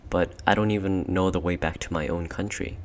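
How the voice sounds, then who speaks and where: A man's voice: sits low, steady tone, fairly quick, close to an everyday voice. A man reading an audiobook, voicing a greedy, snappish schoolboy who pleads. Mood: pleading.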